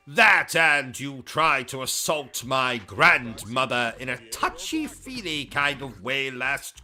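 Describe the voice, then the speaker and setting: A man's voice: on the high side, bright, forceful tone. A man with a British accent hosting a gaming livestream, ranting in a pompous, insulting, theatrical comic manner. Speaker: gaming YouTuber. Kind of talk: comedic livestream rant.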